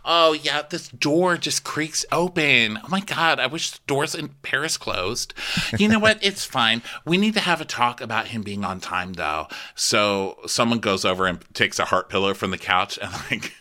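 Man, podcast co-host, bright lively voice, comic recap, jumps into high mimicry. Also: normal speed. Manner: animated, mimics people in high voices, laughs often. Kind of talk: comedic recap chat.

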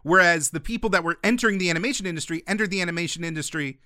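A male podcast co-host in opinionated, animated casual chat, quick with asides. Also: sits high, clean tone, no room sound, clean studio sound.

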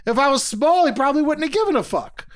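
Profane, animated man in casual chat. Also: very high voice, quick pace. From Polish heritage. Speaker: podcast co-host.

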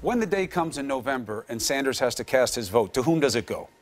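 A man's voice: mid-range voice, expressive, fairly quick. A man interviewing a politician on TV, pressing him with pointed questions.

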